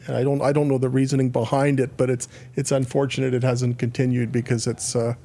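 A man giving football analysis on a sports radio show in a measured way, often restarting phrases. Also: mid-range voice, level tone, mellow.

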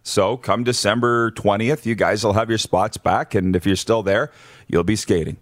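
A man's voice: lowish voice, steady tone, moderate pace, dry recording. Blunt male sports talk host, dry sound. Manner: blunt, numbered-point rundown with frequent restarts.

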